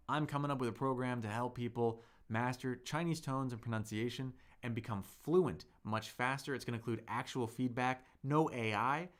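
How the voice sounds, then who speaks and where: Upbeat male Chinese tutor on a livestream. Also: medium pitch. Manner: upbeat, chatty, slows down to model tones; reads viewer comments aloud and answers them. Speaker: Chinese teacher and livestream host. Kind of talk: live-streamed language lesson reading chat.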